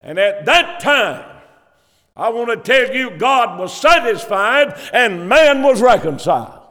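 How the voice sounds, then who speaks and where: Preacher, male, high pitch, fervent sermon delivery, church hall reverb. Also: very animated, takes it slowly, sharp tone. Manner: fervent preaching with rising emphasis; Bible quotations in old King James wording.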